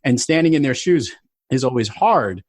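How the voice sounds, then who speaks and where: A man's voice: medium pitch, expressive, normal speed, no room sound, clean studio sound. A man hosting a podcast interview, thinking aloud with restarts. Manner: thoughtful, rambling, with restarts. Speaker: podcast host.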